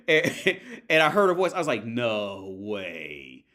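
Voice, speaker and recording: Broadcasting casually from home next to his TV, a man rambles through a crude rant, restarting constantly and leaning on fillers. He talks at a moderate pace in a high-leaning, pushed and bright voice.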